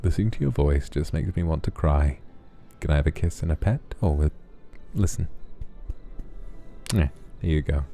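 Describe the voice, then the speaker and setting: A man streamer reading out viewer donation messages in a sleepy ASMR style, soft, affectionate and relaxed, close to the microphone. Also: a bass voice, moderate pace, long pauses, faint music behind.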